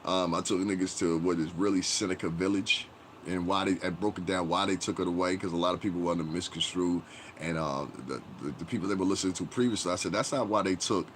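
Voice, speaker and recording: Speaking fast with fairly even intonation, a low-voiced man addresses his chat on a laid-back livestream. He's blunt and foul-mouthed, wandering through false starts and tossed-off "whatever"s, with a bit of hiss or hum underneath.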